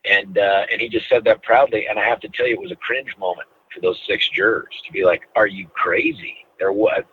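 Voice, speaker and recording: Husky middle-aged man on a tinny line. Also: on the low side, fairly even intonation. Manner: measured, deliberate, stretches words for emphasis. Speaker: guest, former prosecutor. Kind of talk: conversational interview storytelling.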